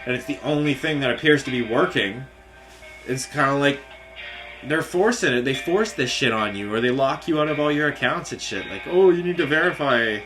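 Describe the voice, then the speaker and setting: A man's voice: medium pitch, normal speed, over music. A young man venting angrily in a casual rant, swearing often, restarting his sentences and mocking the people he quotes. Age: young adult. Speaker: vlogger.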